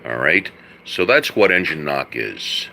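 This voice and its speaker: A man's voice: very deep voice, very animated, measured pace, creaky, bright, forceful tone, a little hiss or hum. A middle-aged man hosting a live car-advice stream, explaining mechanics in a folksy way, full of "all right" and "uh" and calling viewers folks and buddy. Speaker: host answering viewers' car questions.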